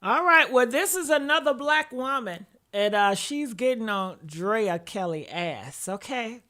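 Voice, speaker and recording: A woman's voice: a little high, expressive, unhurried, pushed and bright. A woman hosting a casual gossip commentary show, loose and blunt, often laughing at herself.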